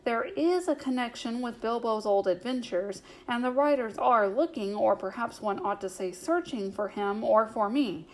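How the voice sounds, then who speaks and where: A woman's voice: on the high side, lively intonation, normal speed, few pauses. A woman reading the lines of an anxious, secretive young male hobbit in an audiobook, with a hesitant, earnest manner.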